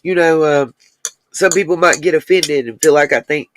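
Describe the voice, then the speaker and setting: Her voice sits low, and a little background noise can be heard as she hosts a relaxed livestream. She chats with viewers head-on, answers their comments as they appear, and goes off on lengthy asides.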